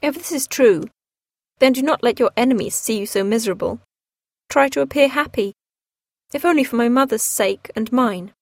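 A steady, sensible young woman, earnest and gently firm, as a woman reader voices her. The voice is a little high and close, with a dry storybook sound. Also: moderate pace, no room sound.

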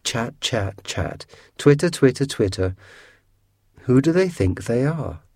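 A man's voice: medium pitch, very animated, unhurried, dark tone, no echo, studio quality, pitched above the performer's own voice. A man voicing a grumbling old aristocratic male ghost in a storybook reading, muttering and mocking. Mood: sneering.

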